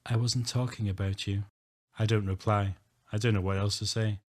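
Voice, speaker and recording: A man's voice: fairly low pitch, fairly even intonation, moderate pace. Man, audiobook narrator, earnest first-person telling. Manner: earnest, emotional, rising to shouting.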